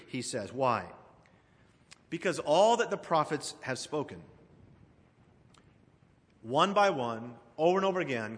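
A man's voice: a little high, bright, forceful tone. A man preaching a sermon, reading scripture aloud and addressing the congregation directly with emphasis. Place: church sanctuary. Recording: long reverb of a church hall.

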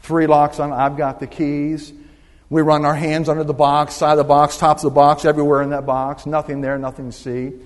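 A man's voice: fairly high pitch, little pitch movement, brisk. A man in his sixties preaching a sermon, telling a story and drawing the congregation into call-and-response. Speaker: pastor. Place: church sanctuary. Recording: long hall reverb.

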